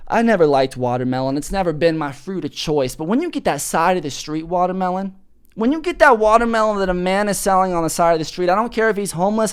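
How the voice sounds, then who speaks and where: Young male podcast host from Florida, profane and goofy, pitch swinging wide as he riffs. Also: smooth. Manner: profane, hyped, goofy bits with bro slang. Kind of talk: rambling comedic monologue.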